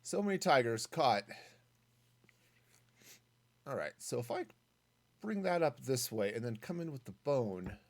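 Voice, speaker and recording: Casual game streamer, mid pitch, very animated intonation, muses aloud and answers chat. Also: a little slow, pauses often. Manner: chatty, thinking aloud, reading chat. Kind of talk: casual gaming stream commentary.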